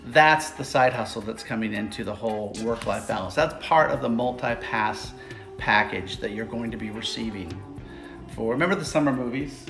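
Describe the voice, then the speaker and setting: A man's voice: mid-range voice, normal speed. Male podcast co-host, rambly and jokey, in an echoey room with faint music behind. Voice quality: rambling, jokey, many "uh" fillers. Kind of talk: casual chat.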